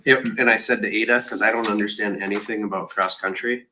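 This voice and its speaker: A man's voice: on the low side, fairly even intonation, fast, few pauses, pushed and bright, a little hiss or hum, low-quality recording. A man on a school board telling a short, conversational anecdote at a meeting.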